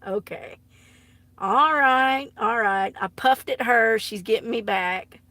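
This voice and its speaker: A woman's voice: on the high side, slow, sharp tone, no room sound. A woman chatting casually on a live stream, giggly and teasing, often dropping into embarrassed whispers. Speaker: artist live-streaming to viewers. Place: home art studio.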